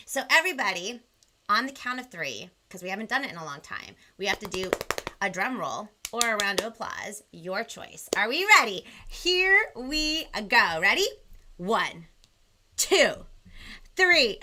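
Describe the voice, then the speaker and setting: A woman's voice: mid-range voice, animated, moderate pace, bright, forceful tone. A woman hosting a live bilingual children's show, bubbly, counting along and mixing in Spanish words. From Southern California. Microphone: video call.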